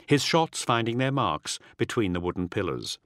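A male audiobook narrator reads with dramatic, expressive delivery. His low voice swings widely in pitch. The recording is dry and close, with no room sound. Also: normal speed, no room sound. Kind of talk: scripted narration.

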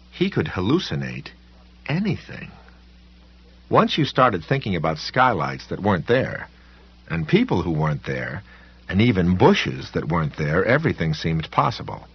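A man reads an audiobook in a very deep, husky voice. His delivery is lively and full of dramatic ups and downs. The recording sounds a little dull and muffled. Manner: expressive, dramatic reading. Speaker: narrator. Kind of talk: audiobook narration.

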